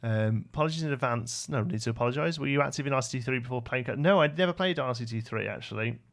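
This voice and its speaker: A young British man talks casually through a game livestream, rambling and muttering as he works and answering viewers' questions. His mid-pitched voice has a gravelly, creaky edge. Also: fast talker. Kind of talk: casual live-stream chat while building.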